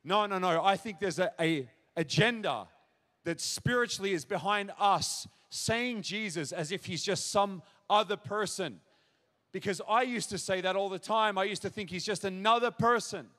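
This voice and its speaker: A man's voice: high voice, moderate pace, bright, forceful tone. A man preaching a sermon in a church, speaking earnestly and directly to the audience and building to emphatic questions. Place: church auditorium. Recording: reverberant church hall.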